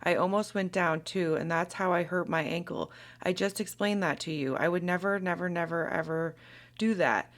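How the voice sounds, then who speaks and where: A woman's voice: fairly low pitch, normal speed, lightly acted. A woman reading aloud a young woman's text messages as she defends herself in an argument, with little acting. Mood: defensive.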